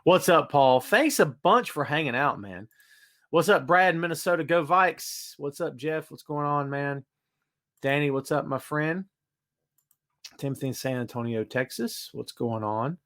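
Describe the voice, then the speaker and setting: Greeting viewers by name, a podcast host chats casually on a live stream from his home studio. His voice is on the high side and fairly bright, animated yet delivered at a measured pace.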